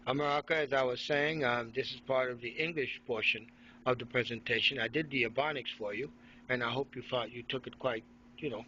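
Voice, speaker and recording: A man's voice: mid-range voice, fairly bright tone, muffled recording, a little hiss or hum. A middle-aged man from Haiti, ranting sarcastically and combatively into his phone in an indoor room. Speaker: vlogger. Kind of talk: ranting selfie monologue.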